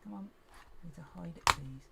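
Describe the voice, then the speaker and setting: This livestream host speaks in a slightly high, creaky voice at a moderate pace, talking to himself and poking fun at himself while he puts together toy bricks. There's a constant hiss and the sound of typing behind him.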